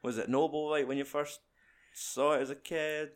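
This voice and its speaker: A man's voice: on the high side, flat delivery, moderate pace. A young man hosting a casual, sweary chat about a film, reading out the cast list with his co-host. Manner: sweary, banter-filled. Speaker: podcast host.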